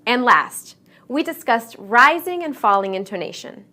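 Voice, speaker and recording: A fairly high-voiced woman narrates an English pronunciation lesson. Her pitch swings widely as she stresses key words clearly and deliberately, in a scripted teaching tone. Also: expressive, sharp tone.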